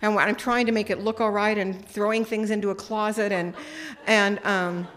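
A woman's voice: medium pitch, steady tone, moderate pace, fairly bright tone. Woman preaching, chatty storytelling, plays out the back and forth. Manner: conversational storytelling, acts out dialogue. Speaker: speaker. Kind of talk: sermon with personal story.

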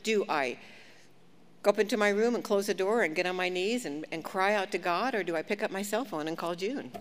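A woman preaching a sermon, telling a personal story with lively, self-mocking humor. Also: medium pitch, a little fast. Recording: long hall reverb, faint background noise.

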